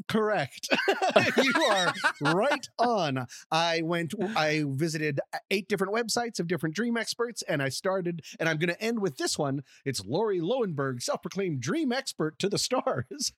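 A man's voice: high voice, expressive, normal speed, a bit bright, no echo, studio quality. A man co-hosting a podcast in casual chat, playful and laughing often, sometimes in a mock game-show announcer voice. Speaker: podcast co-host.

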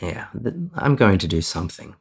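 A man's voice: sits low, expressive, brisk, creaky, breathy edge. A man speaking as an interview guest, recounting a personal story earnestly with frequent restarts and self-corrections. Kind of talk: candid conversational storytelling.

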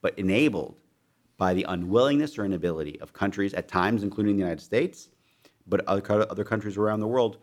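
Earnest young man with a very deep voice. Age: young adult. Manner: earnest, with quick restarts. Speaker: foundation leader, guest. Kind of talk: interview discussion.

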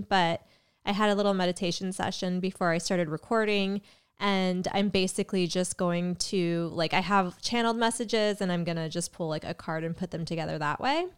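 A young woman talks through her astrology podcast in a loose, rambling way, full of little asides. Her voice is very smooth and clear, with a slight cough behind it. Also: mid-range voice. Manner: chatty, rambling, with fillers and self-interruptions. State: has a cough. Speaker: podcast host and tarot reader. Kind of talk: casual solo podcast monologue.

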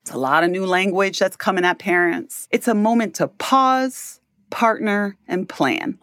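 A woman's voice: mid-range voice, unhurried, fairly bright tone. A woman in her thirties with a New York accent talks as a podcast guest. She explains things earnestly and checks in with listeners as she goes. The sound is dry and close, with no room echo. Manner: earnest, explanatory, often ends points with "right?". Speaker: guest, educator and parent. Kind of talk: podcast interview.

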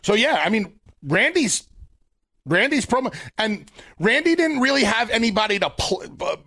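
A man's voice: sits high, very animated, normal speed, pushed and bright. A man co-hosting a wrestling podcast, giving blunt, opinionated takes with some swearing in casual chat.

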